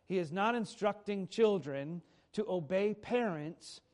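A man in his thirties delivers a sermon in a relaxed, conversational manner. His voice sits a little high for a man. He leans on dramatic pauses, stretches key words, and often stops to correct himself mid-sentence. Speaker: pastor.

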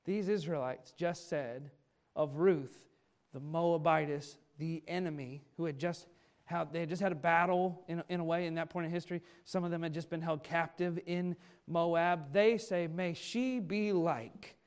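A male pastor preaching a sermon in an animated way, acting out the speech of people he quotes. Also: fairly high pitch, normal speed, smooth.

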